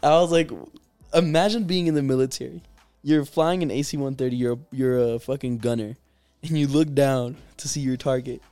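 A man's voice: mid-range voice, steady tone, fairly quick, dark tone, smooth, no echo, soft background music. A young man co-hosting a podcast in casual, crude chat, laughing often. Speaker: podcast co-host.

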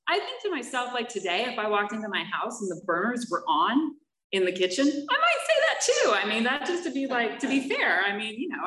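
A woman telling her recovery story as a personal testimony, candid and halting, with many fillers and wry laughs. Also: medium pitch, fairly bright tone. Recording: echoey room, voice from a distance.

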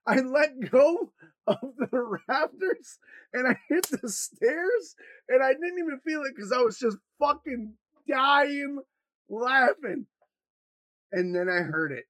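A man from Wisconsin co-hosting a podcast, telling a rambling, profane story in a loose, animated way. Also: very high-pitched, takes it slowly, no echo. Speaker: podcast co-host. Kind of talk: casual podcast chat, storytelling.

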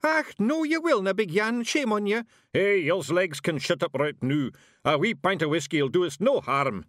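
A man playing boisterous drunk Scottish fairy folk, loud and brawling, high-pitched brogue. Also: lively intonation, moderate pace, no room sound, studio quality. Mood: squabbling. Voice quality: gruff brogue, squabbling. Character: rowdy drunken wee fairy men as scarecrow, thick Scots.

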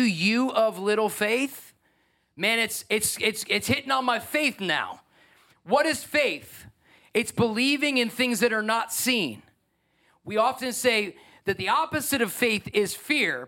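High-voiced, animated man preaching a sermon. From New York. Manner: animated, emphatic, asks the congregation questions. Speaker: pastor.

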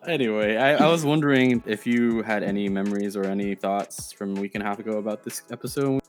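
A man's voice: fairly low pitch, fast talker, soft background music. An American man co-hosting a podcast over a call, chatting casually, laughing often and repeating words as he starts a thought. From United States. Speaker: podcast co-host. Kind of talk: casual chat. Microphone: remote call.

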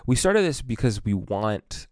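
A man's voice: fairly low pitch, sing-song, measured pace, no room sound, studio quality. A man co-hosting a casual podcast, speaking in a rambling way full of fillers and backing up his co-host. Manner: rambling, filler-heavy, supportive. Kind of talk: casual chat.

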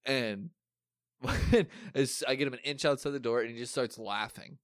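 A young man telling a story in casual chat, animated and swearing, acting out what people said. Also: medium pitch, moderate pace, no echo. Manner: animated, swearing, acts out quotes.

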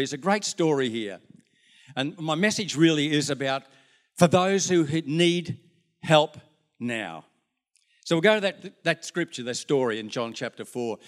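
In church, an older Australian-accented pastor gives a sermon built around folksy stories, with occasional asides to his listeners. His voice runs on the high side.

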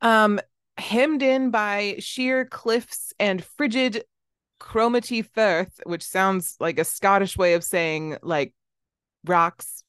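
A woman's voice: mid-range voice, takes it slowly, a bit bright, clear, resonant tone, dry recording, studio quality. A woman co-hosting a podcast in casual chat, reading out news stories with fillers and frequent laughter. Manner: laughs often, many fillers. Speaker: podcast co-host.

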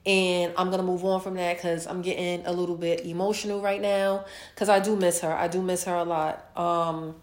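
A woman hosting her own podcast, chatting casually and warmly about her week, stuffed up from a sinus infection. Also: lowish voice, flat delivery, normal speed, roomy sound. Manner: chatty, repetitive, heartfelt. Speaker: podcast host. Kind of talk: casual solo podcast chat.

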